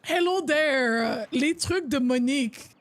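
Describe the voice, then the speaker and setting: A woman's voice: high-pitched, a little slow. A young woman streaming a game with casual, giggly commentary, full of incredulous and teasing remarks.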